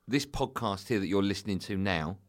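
A man's voice: low-pitched, fairly quick. A man hosting a casual podcast chat, telling stories in a playful, teasing way. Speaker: podcast host.

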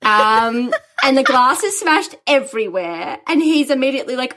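A young woman, a guest chatting casually in an interview, telling stories in an animated way with frequent laughter. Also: high-pitched, unhurried. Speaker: guest, musical writer.

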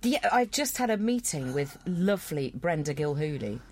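Low-voiced chatty actress guest. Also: female voice, big pitch swings, normal speed, darkish tone. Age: middle-aged. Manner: chatty, laughs often. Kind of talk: casual chat.

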